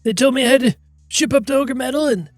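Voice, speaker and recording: A man's voice: very high-pitched, fast, dry recording, studio quality, voice pushed up. A man doing a jumpy gang underling. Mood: indignant. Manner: defensive, rambling, stammering. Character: nervous male street-level gang underling.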